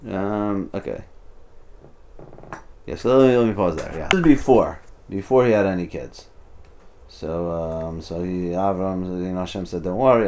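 A man's voice: lowish voice, a little mellow. A man teaching an informal text study, translating passages and explaining them as he goes, often restarting and adding "you know". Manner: thinks aloud, restarts, many "you know"s. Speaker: Torah teacher.

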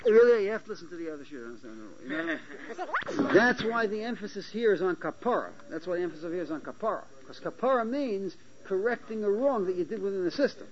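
A man giving a Talmudic lecture to a small class, halting and restarting often and checking that his listeners follow. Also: sits high, animated, a crowd in the background. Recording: dull lo-fi lecture recording with faint hiss.

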